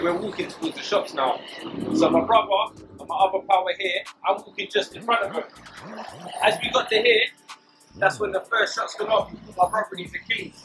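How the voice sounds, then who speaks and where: A young man with a London accent narrates casually while walking outdoors on an estate, pointing out spots as he goes. His voice sits slightly high, with music clearly playing beneath him. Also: rough recording. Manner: casual, pointing out places as he walks. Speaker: documentary subject.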